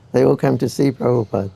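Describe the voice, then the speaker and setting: A man's voice: medium pitch, creaky, warm tone, husky. An older man giving an anecdotal spiritual talk to devotees, chuckling often as he tells his stories.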